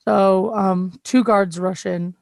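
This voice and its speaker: A woman narrating a tabletop game as game master, relaxed and hesitant, with many pauses. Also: mid-range voice, vocal fry, no echo.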